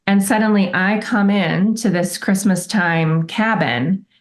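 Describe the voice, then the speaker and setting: A woman's voice: medium pitch, a little slow. A woman guest on a podcast, telling a personal story in a candid, reflective way and acting out remembered remarks.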